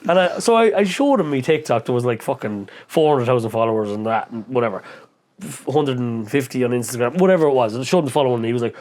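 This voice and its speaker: Irish man, podcast guest, casual storytelling, lively, swears, mimics voices. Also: mid-range voice. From Irish midlands. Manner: animated, acts out quoted voices, swears freely.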